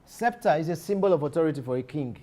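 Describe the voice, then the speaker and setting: A man's voice: on the high side, lively intonation, quick pace, dark tone. A man teaching a literature lesson, often repeating key phrases and restarting his sentences. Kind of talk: lecture.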